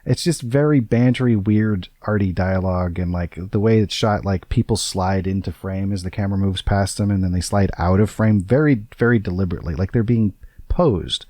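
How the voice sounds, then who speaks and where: Rambling low-voiced podcast host, a man. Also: brisk, warm tone, dry recording. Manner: rambling, many fillers and self-corrections. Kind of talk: casual podcast chat.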